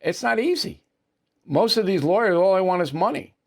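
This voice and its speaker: A man's voice: sits high, lively intonation, normal speed. A man in his seventies with an American accent, hosting a news commentary show and answering viewer mail in a blunt, emphatic, dismissive way. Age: 70s.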